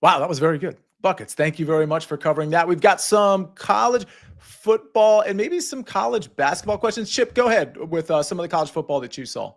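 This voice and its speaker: A man's voice: high voice, fairly quick. Upbeat man hosting a betting show. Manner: upbeat, reads chat questions aloud. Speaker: show host. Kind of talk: casual sports betting chat.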